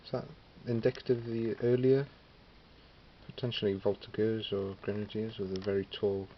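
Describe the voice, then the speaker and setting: Deep-voiced man musing through his collection. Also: little pitch movement, normal speed. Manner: musing, thinks aloud with many fillers and self-corrections. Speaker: miniature wargaming hobbyist. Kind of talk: casual show-and-tell of a collection. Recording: slightly dull lo-fi recording with clear background noise.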